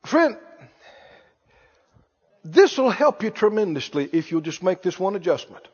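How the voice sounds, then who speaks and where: A man's voice: high-pitched, sing-song, a little slow, a little mellow, slightly rough. A man preaching a sermon to a live congregation in a church, emphatic, repeating key phrases and asking the listeners whether they hear him. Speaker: pastor. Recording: echoey hall, dull lo-fi sound.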